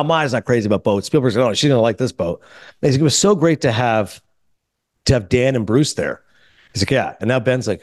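A man hosting a podcast, telling a story in casual chat and quoting others in quick asides. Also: medium pitch, no room sound, studio quality. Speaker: podcast host.

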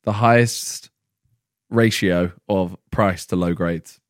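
Dry, wry lower-voiced young man. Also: slow pace, no room sound. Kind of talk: casual podcast chat.

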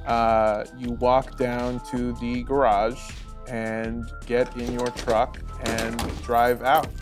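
A man narrating as game master in a loose, relaxed way, with frequent fillers. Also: medium pitch, slow pace, music in the background.

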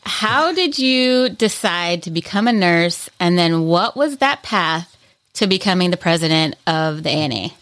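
A woman hosting an interview, asking brisk, playful questions. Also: fairly low pitch, animated, a bit bright. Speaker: interviewer host. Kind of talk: casual interview.

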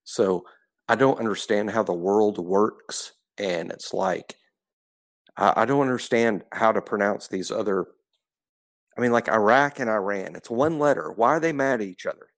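A man's voice: on the low side, moderate pace. A man from southwestern Alabama with a Southern accent, co-hosting a podcast in jokey, self-mocking casual chat. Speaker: podcast co-host.

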